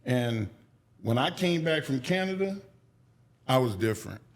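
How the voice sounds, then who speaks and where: A man with a mid-range voice, talking a little slowly, tells stories as a podcast guest in an interview. His style is casual and profane, and he grows animated, raising his voice to act out those he quotes.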